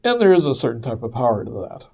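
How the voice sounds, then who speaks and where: A man speaks in an earnest, easygoing monologue, his voice dark and mellow. He talks at a middling pitch and a plain, conversational pace, like someone thinking out loud. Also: big pitch swings, quick pace, vocal fry. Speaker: speaker sharing personal reflections. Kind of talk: casual reflective monologue.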